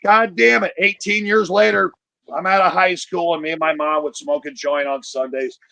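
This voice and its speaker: A man's voice: on the high side, moderate pace, vocal fry. A man telling a profane, punchy stand-up story over a video call. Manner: profane, punchy, animated delivery. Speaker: comedian.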